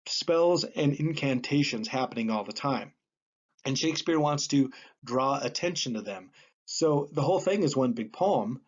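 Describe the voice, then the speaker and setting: A man at a middling pitch lectures a class. He talks in a plain, explanatory way and leans often on um and uh. The recording is a little dull and lo-fi. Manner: plain explanatory, with frequent um and uh fillers. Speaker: teacher.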